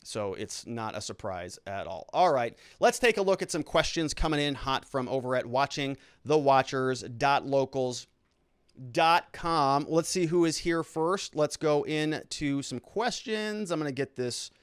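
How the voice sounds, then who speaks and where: A man's voice: mid-range voice, unhurried, clear, resonant tone, dry recording. Sarcastic man doing commentary, dry sound. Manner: sarcastic, animated, with mocking asides and laughs. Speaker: host. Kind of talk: political commentary livestream.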